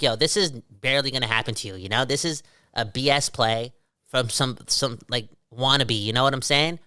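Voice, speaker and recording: A man hosting a sports podcast, talking in an energetic, slangy and blunt way. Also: mid-range voice, clean tone, no echo, studio quality. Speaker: podcast co-host. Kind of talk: casual sports chat.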